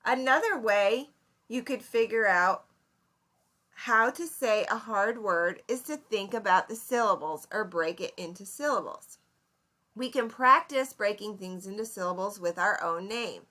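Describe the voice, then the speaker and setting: A woman teacher giving a recorded lesson, explaining slowly and clearly and asking her students questions. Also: mid-range voice, pushed and bright. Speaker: seventh grade English teacher.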